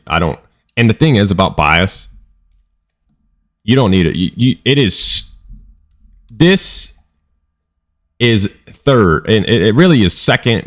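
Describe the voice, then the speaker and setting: A man talking in a casual vlog monologue about trading, emphatic and profane, often repeating himself. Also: low voice. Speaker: trading educator.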